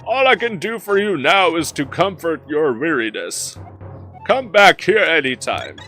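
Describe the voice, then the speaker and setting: A man's voice: on the high side, very animated, measured pace, sharp tone, soft background music, full character voice. A man voicing a rambling, kindly old hermit in a shaky elderly voice while reading game dialogue aloud.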